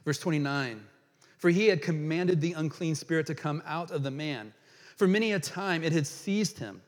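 A man preaching a sermon as a pastor, reading scripture aloud and reflecting on it, slowing down for emphasis. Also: a little high. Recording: long hall reverb.

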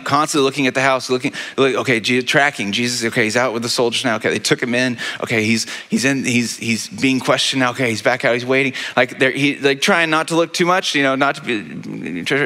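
Bright-voiced pastor preaching in reverberant sanctuary. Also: male voice, mid-range voice. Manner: conversational storytelling, frequent rhetorical "right?". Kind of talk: sermon. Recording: long reverb of a large hall.

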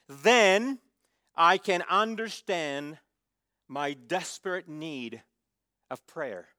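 A male pastor delivering a sermon, pressing his points home and leaving pauses for the congregation to supply the missing word. His voice sits high and bright, and he speaks slowly and deliberately, recorded dry and close. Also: no room sound. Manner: emphatic, asks the congregation to fill in words.

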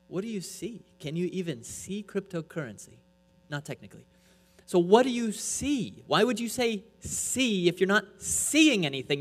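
A man preaching a sermon from the pulpit, pressing his point with rhetorical questions and swinging between loud and soft. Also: high-pitched, expressive, moderate pace. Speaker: pastor. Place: church. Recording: echoey hall with mains hum.

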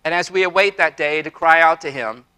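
A man's voice: a little high, fairly quick, bright, forceful tone, clear, resonant tone. A man in his forties preaching a sermon to a church congregation, earnest, with repetitions and casual asides. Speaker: pastor.

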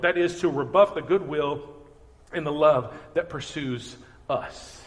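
A man preaching a sermon as pastor, earnest and animated, acting out everyday voices. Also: on the high side, moderate pace. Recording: reverberant hall.

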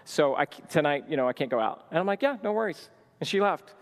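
A man's voice: fairly high pitch, expressive, fast, long reverb tail. A man in his thirties telling a personal story at a marriage teaching session, acting out the dialogue with lots of energy. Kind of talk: storytelling talk.

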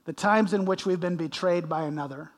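A man delivers a sermon, reading scripture and then unpacking it, with a slightly high voice. His voice rings out with long reverb in a large church sanctuary. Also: a little fast. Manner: expository preaching with dramatic readings of scripture. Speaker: pastor.

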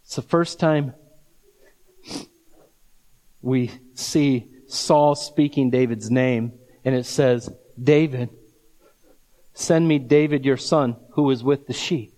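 A man preaching a sermon, slow and emphatic, drawing out key words and breaking into scripture readings with his own asides. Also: mid-range voice, warm tone, in a large hall. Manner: reads scripture aloud with asides. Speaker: pastor.

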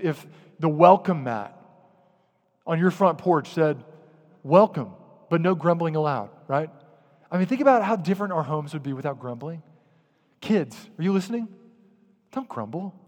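A man preaching a sermon as pastor, lively and direct, sometimes acting out muttered grumbling. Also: fairly high pitch, in a large hall. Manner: animated, acts out grumbling voices.

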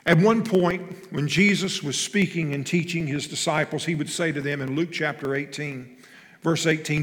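Preaching man with a higher voice in a reverberant hall. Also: steady tone, moderate pace. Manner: emphatic preaching, swings from loud to hushed; asks the congregation questions and has them repeat phrases. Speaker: pastor. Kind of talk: sermon. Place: church sanctuary.

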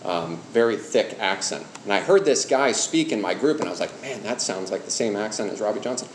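A man's voice: fairly low pitch, animated, brisk. A middle-aged male pastor teaching a church class on evangelism in a conversational way, asking the room questions and telling personal stories. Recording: roomy hall with faint background hum.

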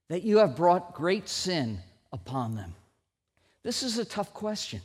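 A middle-aged man preaching a sermon, slow and emphatic, with sudden loud rises for stress. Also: high-pitched, very animated, slightly rough. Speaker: pastor. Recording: long hall reverb.

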